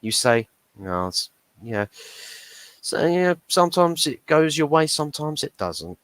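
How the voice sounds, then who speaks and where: A man's voice: on the high side, very animated, moderate pace, fairly bright tone, dry recording, rough recording. A young man hosting a football reaction stream, ranting and swearing about the referee. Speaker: football fan channel host. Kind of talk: heated match reaction stream.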